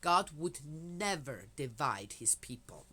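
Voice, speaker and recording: In a slow, very animated voice that's low, sharp, and slightly rough, an older woman vlogger rambles casually. She wanders between personal stories and Bible commentary, frequently adding little "yes" asides.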